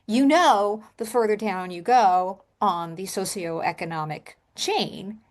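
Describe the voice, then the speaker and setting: A woman's voice: medium pitch, takes it slowly. A woman hosting an interview, speaking conversationally and emphatically. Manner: emphatic, indignant asides. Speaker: podcast host.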